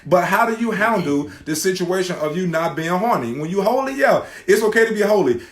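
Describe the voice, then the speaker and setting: Brief: middle-aged male co-host, loud and restless, raised voice, roomy sound. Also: sits high, lively intonation, a little fast. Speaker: co-host of a faith talk show. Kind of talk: loud, preachy casual talk. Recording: roomy echo.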